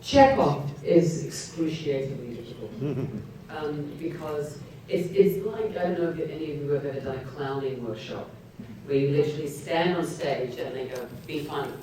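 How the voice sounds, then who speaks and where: A woman's voice: deep voice, moderate pace. Thoughtful woman in an echoey hall. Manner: thoughtful, searching for words. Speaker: panelist actor. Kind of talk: Q&A panel discussion. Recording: echoey hall, distant mic, faint noise.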